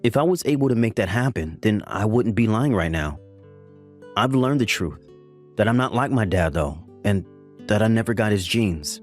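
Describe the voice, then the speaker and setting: A man's voice: on the low side, lively intonation, moderate pace, faint music behind, natural voice. A man voicing a defensive, pleading husband. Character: defensive husband pretending success. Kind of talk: text-story dramatization.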